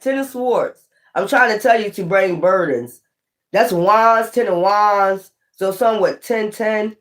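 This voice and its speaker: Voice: mid-range voice, measured pace, a bit bright. Tarot reader doing a loose, profane reading with heavy slang and emphatic repetition, mid-range voice. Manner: rambling, profane, streetwise slang; emphatic, repeats points.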